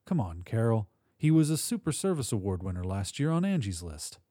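Male reader voicing an easygoing husband, mild and agreeable, close to his own warm low voice. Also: sing-song, fairly quick, no echo.

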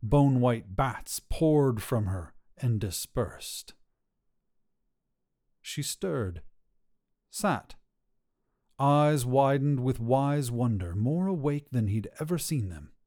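A man narrating a dark fairy tale in a slow, hushed storybook telling. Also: medium pitch, expressive.

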